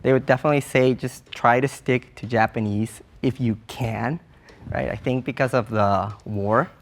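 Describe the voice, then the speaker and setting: A man's voice: medium pitch, fairly even intonation, moderate pace, slight background noise. A middle-aged man from the San Diego area, talking thoughtfully in a casual group discussion. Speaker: panel participant.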